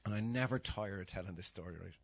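Preacher guy, husky, acts out the stories, goes quiet and whispery then loud again. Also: sits low, fast talker. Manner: animated storytelling, acting out voices, dropping to whispers. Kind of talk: sermon.

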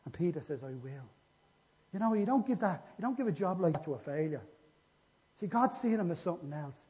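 A man's voice: high-pitched, expressive, fairly quick, a little mellow. Man preaching in an echoey hall. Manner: retells scripture, acting out quotes in dialogue. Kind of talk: sermon. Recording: echoey hall, dull lo-fi sound.

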